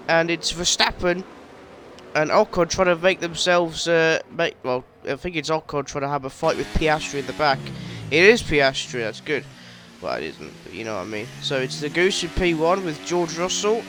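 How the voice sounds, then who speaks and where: A gaming video creator with a fairly high, bright voice casually commentates over his own racing game playthrough. He rambles, corrects himself often, and cracks jokes, with slight background noise audible.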